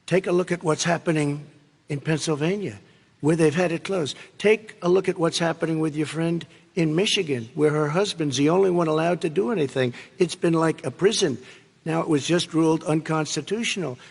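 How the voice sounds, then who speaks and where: A man's voice: a little high, fairly quick, gravelly, husky. An older man in his seventies debating live, combative and interrupting, repeating his points. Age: 70s. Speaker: debate candidate. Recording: live hall with reverb.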